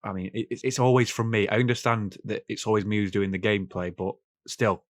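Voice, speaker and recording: A man's voice: on the low side, fairly even intonation, a little fast, no room sound, studio quality. A young man, chatting casually and self-deprecatingly through his football game footage. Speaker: gaming YouTuber. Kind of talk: casual gameplay commentary.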